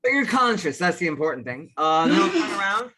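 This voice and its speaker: A man's voice: high voice, big pitch swings, brisk, over a noisy crowd. A man playing a tabletop game, laid-back and wry, hesitating with fillers as he describes his turn. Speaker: player. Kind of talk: tabletop role-play.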